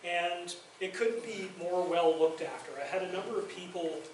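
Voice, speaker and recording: A man's voice: high voice, normal speed, background noise. Man lecturing in an echoey hall. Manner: chatty, self-deprecating humor. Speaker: guest lecturer and documentary filmmaker. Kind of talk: public lecture with anecdotes. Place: university faculty lounge, indoors. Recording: very echoey room, voice far from mic.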